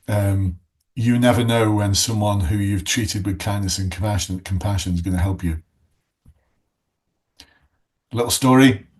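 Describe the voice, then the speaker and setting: A middle-aged man with a lowish voice talks casually to recruits, an ex-sergeant turned coach. He rambles through a story, drifting off on tangents and circling back. His delivery is chatty and loose, full of restarts. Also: a little mellow. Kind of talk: casual anecdotal teaching talk.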